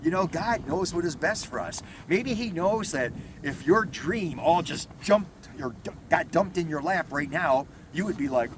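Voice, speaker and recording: A man's voice: on the high side, animated, unhurried, hardly any pauses, noisy background. A man preaching an outdoor devotional sermon as a pastor, earnestly repeating phrases for emphasis.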